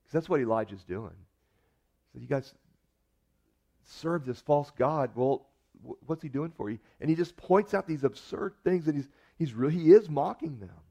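A man's voice: on the high side, expressive, normal speed, warm tone. A pastor preaching a sermon in a conversational way, with wry humor as he retells scripture.

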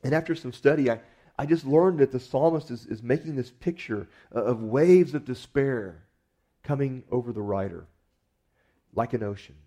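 A man's voice: medium pitch, moderate pace, mellow. A man preaching a sermon in an earnest, conversational way, often restarting his words as he goes. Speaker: pastor.

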